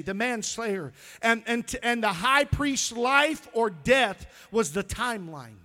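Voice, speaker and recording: Bright high-voiced preaching man. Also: expressive, takes it slowly, hardly any pauses. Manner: storytelling preacher, swings from hushed to shouting. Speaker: pastor. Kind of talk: sermon. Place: church sanctuary.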